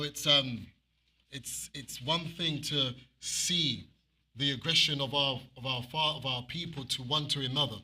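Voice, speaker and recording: A man preaching an animated sermon and reading scripture aloud, with emphatic repeated phrases. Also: medium pitch, breathy edge.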